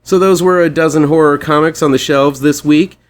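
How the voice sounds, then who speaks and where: A man's voice: on the high side, steady tone, normal speed. Man hosting a horror comics rundown. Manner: chatty, fan-like enthusiasm. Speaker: host of a horror comics show. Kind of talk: scripted weekly comics rundown.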